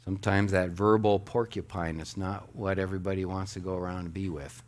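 A man preaching a sermon as pastor, animated, acting out little quoted asides as he teaches. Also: low voice, a little fast.

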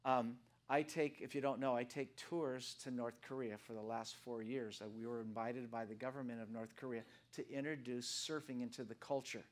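Lively seventy-year-old man preaching. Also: mid-range voice, normal speed, hardly any pauses. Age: 70s. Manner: animated and jokey, swings from soft to loud. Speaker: guest preacher. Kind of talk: sermon.

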